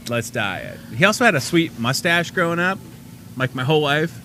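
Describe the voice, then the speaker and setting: A man's voice: fairly high pitch, a little fast, background noise. A man hosting a live daily talk show, joking around in casual chat with his guests. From Chicago area. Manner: jokey, playful, animated.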